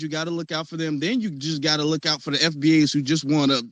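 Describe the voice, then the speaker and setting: Dry, higher-voiced man talking animatedly. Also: quick pace, hardly any pauses, no echo. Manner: animated, mocking quoted voices. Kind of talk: casual discussion.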